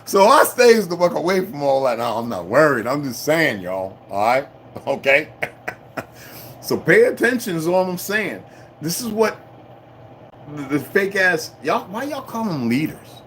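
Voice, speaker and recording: A man's voice: a little high, big pitch swings, a little slow, fairly bright tone, slight background noise. A middle-aged man hosting a casual livestream, rambling and swearing freely, laughing often and talking back to his chat. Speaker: livestream host.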